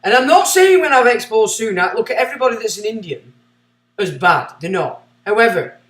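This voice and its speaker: A man's voice: high voice, animated, fairly quick, a bit bright, roomy sound, recorded from a distance. A man hosting a livestream, reading out passages and breaking off into scornful, sarcastic asides. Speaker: livestream host. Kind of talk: ranting commentary while reading aloud.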